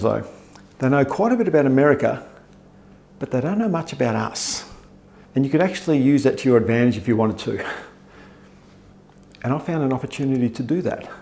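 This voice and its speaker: An Australian man casually telling a wry, tall-tale story in a relaxed way. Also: medium pitch, fairly quick, creaky, long pauses.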